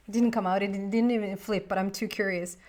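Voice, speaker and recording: A woman reading tarot in a relaxed, chatty way, her voice sitting at an ordinary middle pitch. She thinks aloud and talks straight to the cards as she works through a spread for her viewers. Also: normal speed. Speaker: tarot reader. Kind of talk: casual tarot reading monologue.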